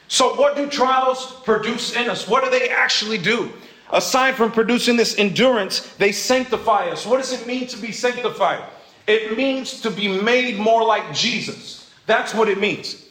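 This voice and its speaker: A man's voice: high voice, a bit bright, roomy sound. A man in his thirties preaching a conversational sermon in a church, telling candid stories with self-mocking humor.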